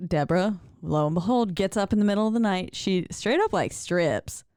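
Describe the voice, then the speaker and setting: A woman's voice: medium pitch, normal speed, a little mellow, clean tone, no room sound, studio quality. A woman co-hosting a podcast, chatting casually about a horror film, often laughing and quoting characters. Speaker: podcast co-host.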